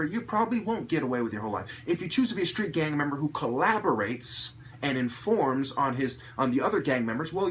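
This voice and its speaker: A man with a somewhat high voice rants to camera. He swears freely and swings into sudden loud outbursts, repeating and restarting his phrases as he goes. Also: noisy background. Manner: agitated, profane ranting with sudden loud outbursts. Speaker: vlogger. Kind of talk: angry monologue to camera.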